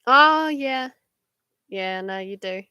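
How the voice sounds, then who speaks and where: This livestream card reader, a young woman with a New Zealand accent, talks casually from home at night, rambling with fillers and giggles. Her voice is a little high, expressive, sharp, clear and resonant, at a slow pace, recorded in clean studio sound with no echo.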